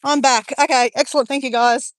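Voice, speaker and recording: A woman's voice: high voice, steady tone, brisk, no room sound, clean studio sound. A woman chatting to her live-stream viewers as she walks along a beach, rambling and greeting people by name. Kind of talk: casual live-stream chat. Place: outdoors on a beach.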